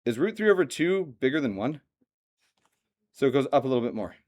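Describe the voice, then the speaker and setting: A man teaching a math lesson to a classroom, lively and joking, often asking the students questions. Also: mid-range voice, a little fast. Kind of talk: classroom lecture.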